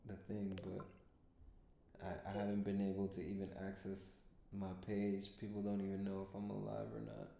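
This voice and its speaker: Gravelly low-voiced man rambling a story. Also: completely flat delivery, moderate pace, mellow. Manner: rambling, laid-back, full of fillers. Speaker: vlogger. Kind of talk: casual storytelling to camera. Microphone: self-recorded camera mic. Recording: echoey room with faint rumble.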